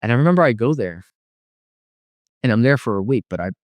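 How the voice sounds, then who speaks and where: A man's voice: medium pitch, expressive, a little fast, dry recording. A man giving a personal testimony as an interview guest, rambling and filling his speech with frequent "you know.". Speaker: guest telling his life story.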